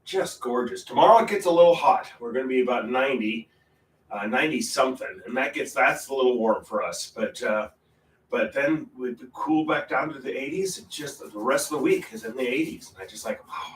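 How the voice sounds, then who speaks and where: A man hosting a painting livestream, rambling in casual chat with sudden loud bursts. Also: medium pitch, expressive, brisk, slight background noise. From Portland, Oregon area. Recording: roomy, from a distance, faint ambience.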